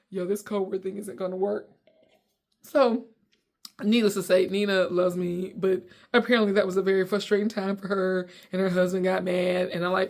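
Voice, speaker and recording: A young adult woman hosts her own podcast, telling a long personal story in a loose, chatty way. She is from South Carolina and acts out the people in her story with sudden high, loud quotes before settling back to her normal voice. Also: brisk. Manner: animated, acts out quotes with big jumps in pitch. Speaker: podcast host and comedian. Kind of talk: casual storytelling. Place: at home.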